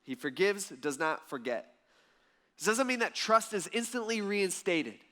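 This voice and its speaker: A male pastor delivers a Sunday sermon with a fairly high voice. He tells the story vividly and jumps into the characters' lines as he goes. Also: measured pace. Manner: lively storytelling preacher, acts out voices in the parable.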